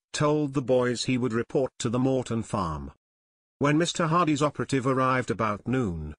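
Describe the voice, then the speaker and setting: A man narrating an unabridged audiobook in a steady storytelling manner. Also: mid-range voice, dry recording. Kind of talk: scripted narration.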